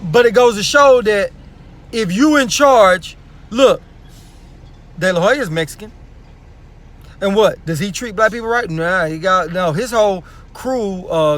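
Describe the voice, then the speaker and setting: A man's voice: high-pitched, moderate pace, a bit bright. A man with speech giving a blunt, profane boxing opinion rant that is full of repeated rhetorical questions. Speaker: sports commentary vlogger.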